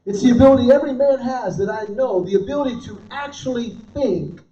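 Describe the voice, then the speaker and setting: A man's voice: extremely high pitch, a little fast. A middle-aged man performing live stand-up comedy at a dinner event, telling stories and acting out the voices in them. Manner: animated storytelling, acting out quoted voices. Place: dinner event in a large room. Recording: roomy, distant, dull live room sound.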